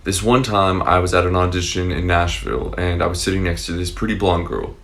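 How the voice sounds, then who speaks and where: A man's voice: low-pitched, a little fast. A man from Oklahoma telling a casual story to camera, acting out both sides of a conversation. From Oklahoma, USA. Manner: animated storytelling, acts out both sides of a dialogue.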